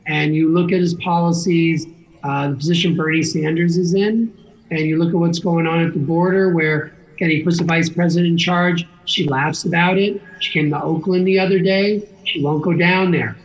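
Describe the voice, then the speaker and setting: A man disagreeing in casual political chat, halting with restarts. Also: a little high, steady tone. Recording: dull lo-fi recording.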